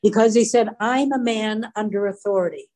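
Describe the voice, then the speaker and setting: A woman teaching from the Bible in an earnest, deliberate sermon, briefly voicing the people in the stories. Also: medium pitch, dark tone, poor audio. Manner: earnest, slow and deliberate, acts out quoted voices briefly.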